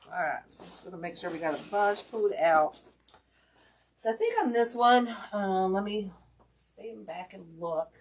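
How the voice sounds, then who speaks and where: A woman's voice: mid-range voice, moderate pace. A woman, chatting casually to viewers while demonstrating a craft project live. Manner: chatty, talks to viewers directly, self-deprecating. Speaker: wreath-making class host.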